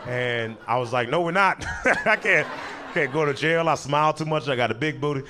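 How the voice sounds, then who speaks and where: A young man doing animated stand-up storytelling, acting out the characters and laughing as he goes. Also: mid-range voice, moderate pace, background noise. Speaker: stand-up comedian.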